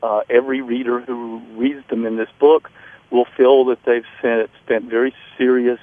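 A middle-aged man calls in to a radio interview, his dry voice squeezed thin by a phone line. He tells his story earnestly and haltingly, restarting sentences and leaning on fillers. His voice sits at an ordinary middle pitch. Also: little pitch movement, no echo. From North Carolina. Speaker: author guest.

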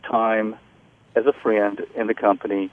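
Over tinny phone-line radio audio, a middle-aged author from North Carolina tells a personal story as an interview guest. His voice is fairly low with little pitch movement, and he speaks earnestly but haltingly, with restarts and fillers.

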